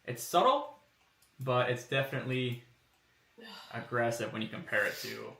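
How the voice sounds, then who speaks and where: Man, live-stream commentary, laid-back and rambling, crisp forceful tone, recorded a bit away from the mic. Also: mid-range voice, normal speed, pauses often, echoey room, far from the mic. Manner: relaxed, rambling, thinks aloud with fillers. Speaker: streamer showing car body kit designs. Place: home workshop room.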